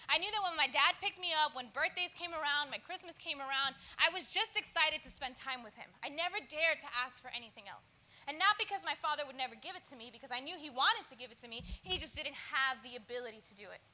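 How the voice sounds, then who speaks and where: Woman, church speaker, chatty conversational sermon, high voice, very bright tone. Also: lively intonation, quick pace, slight background noise. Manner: chatty, acts out dialogues with laughs; addresses audience directly.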